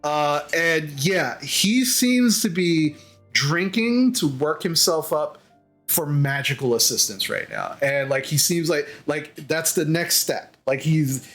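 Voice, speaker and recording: A man narrating as game master in a tabletop game, halting and repeating words as he goes. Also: fairly high pitch, very animated, fairly bright tone, faint music behind.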